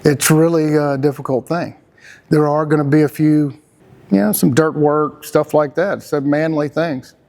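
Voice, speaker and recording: A gravelly middle-aged man with a drawl, speaking in a raised, slightly high register as he hosts a loose conversational talk show. He rambles earnestly, stops and restarts phrases, and leans hard on the points he wants to land. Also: fairly even intonation, a little slow, a little mellow. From Texas. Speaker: podcast host.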